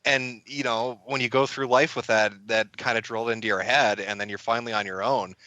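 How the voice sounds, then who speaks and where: A man's voice: mid-range voice, steady tone, brisk, bright, forceful tone, dry recording. An American man from the United States, a guest on a casual podcast interview, talking with wry joking asides.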